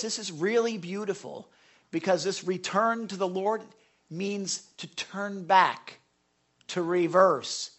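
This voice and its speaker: An excitable preacher in the middle of a sermon, jumping from loud, rising exhortation to near-hushed asides. The pitch sits in a middling range, and the delivery is full of restarts and self-corrections. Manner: animated, swinging between loud exhortation and hushed soft lines.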